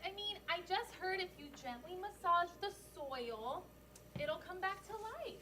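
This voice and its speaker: A woman's voice: very high-pitched, expressive, measured pace, bright, forceful tone, distant mic, a little hiss or hum. A woman improv performer playing scenes on a live stage with theatrical delivery.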